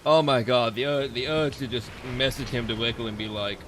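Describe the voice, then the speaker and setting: A man's voice: medium pitch, fairly even intonation, moderate pace, few pauses, fairly bright tone, slight background noise. A man streaming a game, talking off the cuff in a rambling, profane way and getting easily exasperated. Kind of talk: off-the-cuff gaming commentary.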